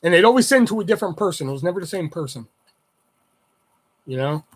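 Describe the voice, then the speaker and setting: A man telling casual stories on his livestream. He rambles and swears constantly in a voice that sits somewhat high for a man. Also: expressive, quick pace. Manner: rambling and heavily profane. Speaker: livestream host. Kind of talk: casual storytelling chat.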